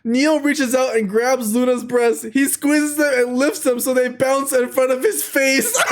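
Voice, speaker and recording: Young woman w/ a high bouncy voice, reads slow, giggles and shrieks reacting to an ai story. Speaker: streamer. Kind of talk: reading an AI story aloud with reactions.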